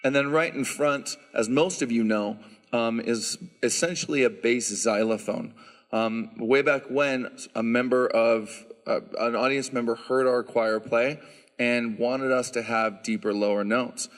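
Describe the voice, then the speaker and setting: A man who directs a handbell choir, answering audience questions at a concert and explaining the instruments in a relaxed, chatty way with frequent "um"s. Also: medium pitch, unhurried. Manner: explanatory, relaxed, lots of "um" fillers. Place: church sanctuary. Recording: reverberant church hall.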